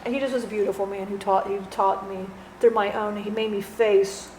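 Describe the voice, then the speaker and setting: A woman's voice: medium pitch, fairly even intonation. Earnest woman in an echoey room. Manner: earnest, halting storytelling with restarts. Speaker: channeler speaking as a departed friend. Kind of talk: spiritual channeling testimony. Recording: roomy echo, faint background noise.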